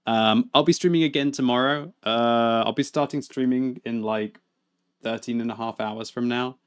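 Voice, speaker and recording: A man, chatting and laughing through live gaming stream commentary, with excitable outbursts. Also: mid-range voice, moderate pace, smooth. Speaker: game streamer.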